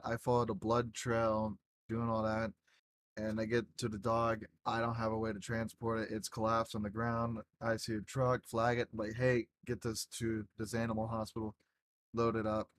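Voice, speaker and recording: A man's voice: medium pitch, completely flat delivery, moderate pace, a bit bright. A young man in casual chat, rambling through a story with lots of fillers and swearing. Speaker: gaming group member telling a story.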